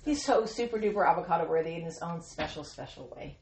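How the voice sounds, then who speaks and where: A woman's voice: fairly low pitch, animated, brisk, echoey room, over a noisy crowd. A woman hosting a devotional podcast for Christian women, talking in an earnest, encouraging way, with playful asides where she acts out quoted voices.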